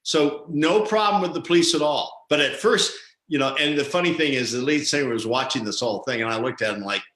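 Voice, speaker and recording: Male talk show co-host, lively storyteller, bright tone, roomy sound. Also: on the high side, a little fast. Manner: animated storyteller, acts out quoted voices.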